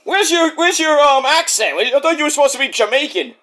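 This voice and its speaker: A man doing an impression of a gruff, confrontational male wrestling boss, sounding blustery and challenging. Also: very high-pitched, expressive, fairly quick, pushed and bright, voice pushed up, heavily acted. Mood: indignant.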